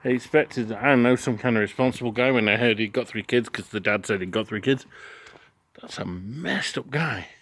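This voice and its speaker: A man's voice: medium pitch, steady tone, fast, few pauses, a bit bright. A man in his forties giving a frank, rambling spoken recap of his travel day, full of restarts and swearing. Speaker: travel vlogger. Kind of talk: casual spoken recap to camera.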